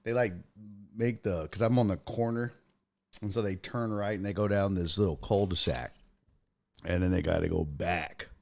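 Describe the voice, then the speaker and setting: A man's voice: low-pitched, moderate pace, vocal fry. A middle-aged man hosting a sports talk show, telling a story in a casual, rambling way, cursing and exasperated. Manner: profane, exasperated, animated.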